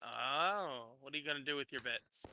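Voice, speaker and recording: A co-player in casual gaming chat, teasing with playful, deadpan remarks. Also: mid-range voice, moderate pace, rough recording.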